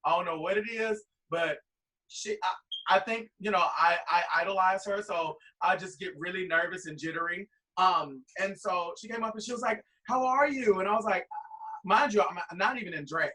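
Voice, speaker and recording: A drag performer guest telling a long, rambling anecdote full of quoted dialogue. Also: male voice, high-pitched, moderate pace, pushed and bright, far from the mic, rough recording. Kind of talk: animated storytelling.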